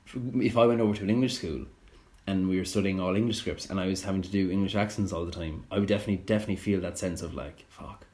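A man's voice: deep voice, very fast. A young man with an Irish accent hosting a casual podcast chat, often restarting sentences and swearing. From Ireland. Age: young adult. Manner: stumbling restarts, swearing, animated. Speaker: podcast host.

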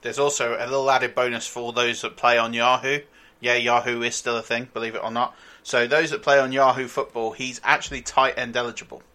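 A man co-hosting a fantasy football podcast, explaining things in a steady, casual way. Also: mid-range voice, fairly quick. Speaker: podcast co-host.

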